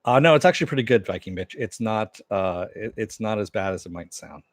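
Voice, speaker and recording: A man hosts a relaxed home stream, reading viewer comments and rambling through TV episodes with plenty of fillers. His voice sits low, and the sound is dry and close. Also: a little fast, dry recording. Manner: rambling, loose, with many fillers and restarts. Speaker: show host. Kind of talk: casual live-stream chat with viewers.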